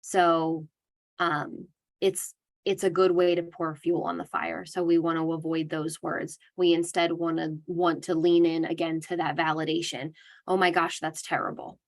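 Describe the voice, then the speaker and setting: A young adult woman with a slightly low voice delivers a dementia care lesson. She talks in an earnest, conversational way and acts out the kind, validating phrases she recommends. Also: little pitch movement, a little slow, creaky. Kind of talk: educational talk.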